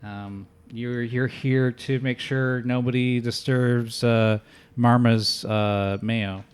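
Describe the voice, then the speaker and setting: Halting male game master. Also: medium pitch, steady tone, clean tone. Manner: halting, full of fillers and restarts. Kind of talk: improvised game narration.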